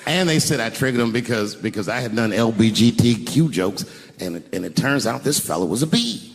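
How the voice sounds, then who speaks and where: A middle-aged man performs stand-up on a large theater stage, his voice swinging from hushed lows to sudden high yelps. The sound carries a long hall reverb, with a faint murmur of the crowd behind him. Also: a little fast, vocal fry, background noise. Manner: animated storytelling with sudden high yelps and low hushed asides. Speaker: stand-up comedian. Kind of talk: stand-up comedy set.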